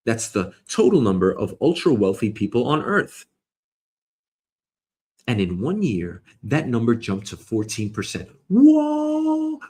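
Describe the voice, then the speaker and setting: A middle-aged man hosting a comedy show, ranting loudly and rambling, swearing a lot and slipping into mock voices. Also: lowish voice, very animated, unhurried, slightly rough. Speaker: host. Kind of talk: profane comedic rant.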